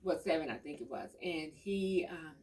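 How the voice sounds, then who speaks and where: A woman's voice: deep voice, moderate pace, a little mellow. A middle-aged woman chatting casually and telling rambling, homey stories. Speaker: vlogger. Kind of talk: casual chat. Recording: voice a bit far from the mic.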